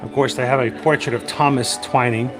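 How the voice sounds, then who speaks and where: Music sits in the background while a man with a mid-range, steady voice talks a little fast, hosting a walking livestream along a theme park walkway. He chats, drifts from topic to topic and jokes lightly, with a busy crowd behind.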